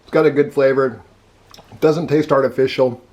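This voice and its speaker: Man, casual food taste-test, talks while chewing, mouth full, mid pitch. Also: steady tone, moderate pace, a little mellow, dull audio. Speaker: food reviewer.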